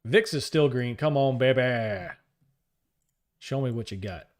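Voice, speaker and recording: A man's voice: mid-range voice, lively intonation, a little slow. A man on a live trading stream, calling out prices, coaxing the market and joking with chat. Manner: talks to the market and reads chat aloud, joking and upbeat.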